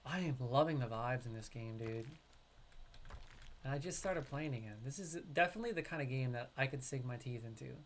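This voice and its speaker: Man, live streamer, casual gameplay chatter, mid pitch, addresses viewers, excitable outbursts. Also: brisk, slight background noise. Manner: chatty, talks to chat, bursts into loud excited yelps.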